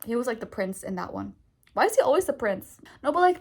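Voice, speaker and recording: A young adult woman vlogging in a casual, chatty way, ranting and getting excited, with lots of fillers. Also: a little high, quick pace, vocal fry. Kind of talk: casual vlog chat.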